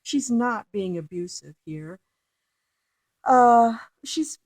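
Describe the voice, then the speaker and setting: A woman's voice: fairly high pitch, huge pitch swings, darkish tone, no room sound. A woman teaching poetry, reading a poem aloud and then explaining its meter with frequent fillers and restarts. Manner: slow, halting, with many fillers and restarts. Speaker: literature teacher. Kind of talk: recorded lecture with poem reading.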